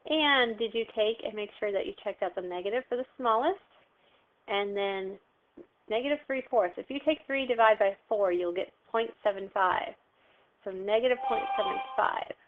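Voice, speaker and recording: A woman's voice: mid-range voice, background noise. A woman teacher walking students through a recorded math lesson, patient and step by step, asking questions and answering them herself. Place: home, phone heard behind. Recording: tinny phone-like sound.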